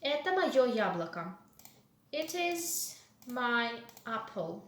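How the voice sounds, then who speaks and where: A woman's voice: on the high side, big pitch swings, slow pace. A woman, teaching a language lesson and patiently explaining each phrase. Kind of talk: walkthrough lesson commentary. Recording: echoey room with faint hiss.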